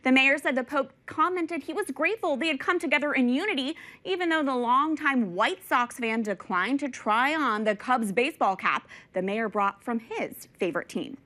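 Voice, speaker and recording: A woman anchoring a news program, reading scripted reports in a clear, measured delivery. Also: high voice, animated, pushed and bright, poor audio.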